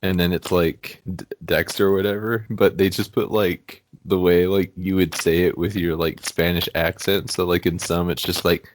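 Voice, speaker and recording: A man's voice: sits low, little pitch movement, normal speed, hardly any pauses, no room sound. A man co-hosting a casual podcast, telling rambling stories full of fillers. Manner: rambling storyteller, many fillers. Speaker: podcast co-host.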